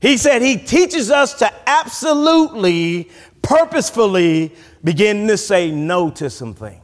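A man preaching a sermon as pastor, animated, often restarting his sentences. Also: high voice, moderate pace. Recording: long reverb from a large hall.

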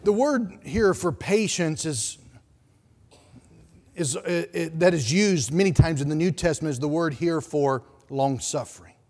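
High-voiced male pastor preaching in a reverberant church. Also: animated, a little slow, darkish tone. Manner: emphatic preaching with repeated words and rhetorical questions. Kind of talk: sermon.

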